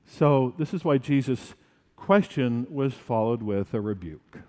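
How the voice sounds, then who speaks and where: A male pastor preaching a sermon in a church, animated and acting out the disciples' fright. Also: medium pitch, measured pace, long reverb tail.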